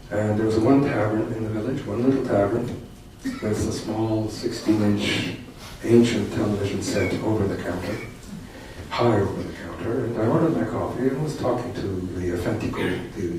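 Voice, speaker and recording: An older man with a lowish voice tells a personal story, wry and reflective, often restarting his sentences. He is heard from a distance in a very echoey hall, with steady noise behind him. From Canada. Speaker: poet and political commentator. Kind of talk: storytelling talk to an audience.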